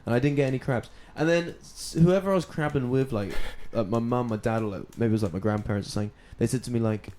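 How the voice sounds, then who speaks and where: A man's voice: medium pitch, fast talker, few pauses, warm tone, a little hiss or hum. A man co-hosting a podcast from a sofa at home, chatting casually and telling rambling stories into a handheld mic. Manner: rambling storyteller, many restarts. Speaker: podcast co-host. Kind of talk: casual chat.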